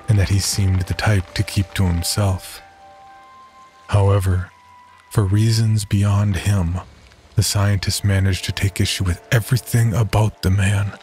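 A man reading a horror story aloud in a steady, measured narrating voice. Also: low-pitched.

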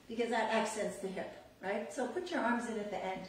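A woman's voice: medium pitch, moderate pace, few pauses, very echoey, recorded from a distance, a little hiss or hum, rough recording. A woman teaching a belly dance class, chatty and upbeat, laughing often. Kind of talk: live online dance class.

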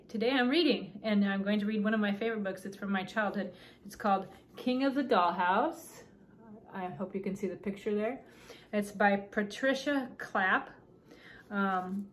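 A woman's voice: mid-range voice, a little hiss or hum. A woman hosting her own channel, chatting casually and then reading a children's book aloud. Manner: relaxed, chatty with fillers between reading.

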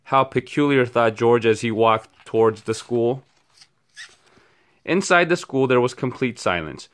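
A man's voice: mid-range voice, unhurried. Man reading a children's story aloud.

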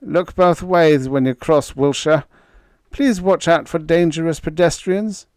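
A man's voice: mid-range voice, very animated, moderate pace, a little mellow, no room sound, studio quality, lightly acted. A man voicing a fussy, nervous male scientist doctor who speaks in an earnest, formal way. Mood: anxious.

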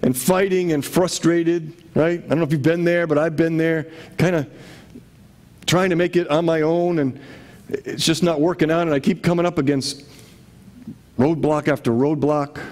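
A man's voice: a little high, fairly even intonation, moderate pace, darkish tone. Conversational man preaching a sermon. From Connecticut. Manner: conversational preaching with rhetorical questions. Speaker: pastor.

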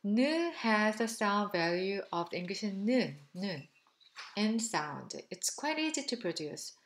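A woman teaching pronunciation, speaking slowly and deliberately and repeating syllables for learners to copy. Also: mid-range voice, very animated, echoey room. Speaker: language teacher. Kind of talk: pronunciation drill lesson.

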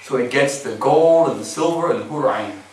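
A man's voice: mid-range voice, normal speed, a little mellow, a little hiss or hum. Casual American male preacher, recorded far off in a very echoey hall. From USA. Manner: casual, chatty, heavy use of filler phrases. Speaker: Muslim preacher. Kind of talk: sermon.

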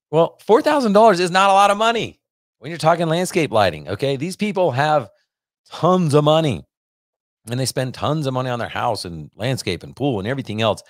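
A man's voice: fairly high pitch, animated, a little fast, no echo, studio quality. A middle-aged man hosting a podcast, talking casually in an upbeat, salesy pep-talk manner, with lots of fillers. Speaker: podcast host. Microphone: podcast microphone.

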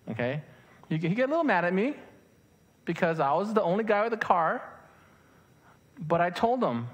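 A middle-aged man, a pastor, preaching a sermon with lively rhetorical questions to his congregation. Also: fairly high pitch, breathy edge. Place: church sanctuary.

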